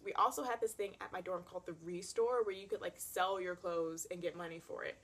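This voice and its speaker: A woman's voice: fairly low pitch, brisk, few pauses. A young woman vlogger telling a personal story in a dramatic, casual way, with lots of "like". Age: young adult. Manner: animated and dramatic, heavy use of "like".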